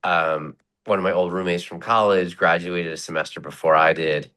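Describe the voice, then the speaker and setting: Man, 40s, very low voice, casual animated guest storyteller, quotes people in their own voices. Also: moderate pace. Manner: animated, acts out quoted voices, says "long story short" often. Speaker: mortgage professional, podcast guest.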